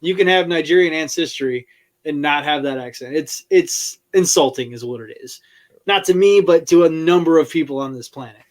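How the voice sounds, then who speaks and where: A man's voice: fairly high pitch, moderate pace. A man guesting on a podcast, giving blunt, opinionated takes in casual chat.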